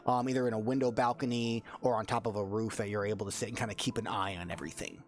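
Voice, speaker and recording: A man's voice: fairly low pitch, steady tone, quick pace, faint music behind. A man narrating as game master of a tabletop game in a loose, casual way with frequent fillers, over an online voice call.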